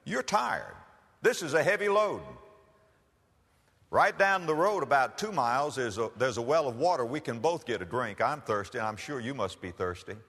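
A man's voice: medium pitch, lively intonation, normal speed, husky. A preacher voicing a kind Jewish man who eagerly offers to go the extra mile, in a hall with long reverb. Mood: friendly. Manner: warm, eager, inviting.

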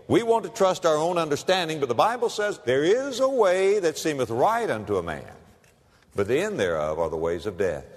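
A pastor delivering a sermon. He swings from hushed asides to emphatic lines and acts out the people in his stories. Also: mid-range voice. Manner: plays out little scenes in the voices of the people in his stories. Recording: long reverb of a large hall.

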